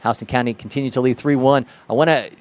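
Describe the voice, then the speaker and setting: A man's voice: mid-range voice, fairly even intonation, quick pace. A man calling live play-by-play for a baseball broadcast, lifting his voice sharply on big plays. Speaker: play-by-play commentator.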